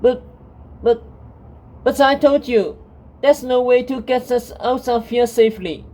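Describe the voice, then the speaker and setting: A woman's voice: a little high, measured pace, mellow, pitched above the performer's own voice, low-quality recording. A woman voicing an anxious, fiery teenage girl witch, raising her voice in a tense, protesting way. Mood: panicked.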